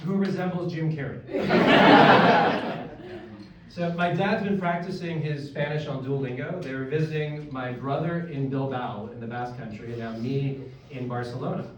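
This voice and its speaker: A man's voice: medium pitch, steady tone, normal speed, dull audio. A young American man doing a stand-up set, with dry, self-deprecating punchlines and banter with the crowd. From United States. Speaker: stand-up comedian. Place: comedy club stage, live audience. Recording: echoey room, distant mic, loud noise.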